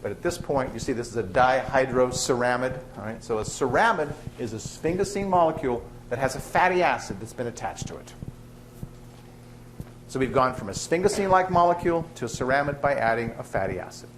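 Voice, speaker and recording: A man's voice: mid-range voice, brisk, slight background noise. A man lecturing a class on biochemistry in a chatty, joking way. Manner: lively, chatty, tells jokes to students. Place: lecture hall with students.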